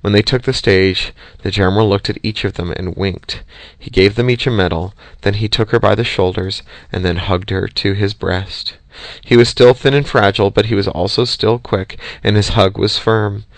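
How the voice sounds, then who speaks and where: A man narrates an audiobook at a steady, measured pace. His voice is low and gravelly. The recording is close and dry. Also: dry recording. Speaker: audiobook reader.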